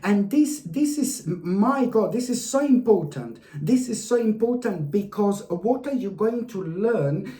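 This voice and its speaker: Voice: mid-range voice, expressive, measured pace, dark tone. A tarot reader giving a weekly horoscope reading to camera, effusive and repetitive, fondly addressing the viewer again and again. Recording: roomy echo.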